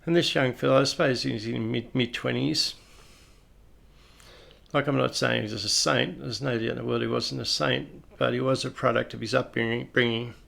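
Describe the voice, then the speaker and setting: A man's voice: mid-range voice, fairly even intonation, normal speed, vocal fry, a bit bright. An Australian man who is a police officer, telling a personal story in a plain-spoken, reflective, conversational way.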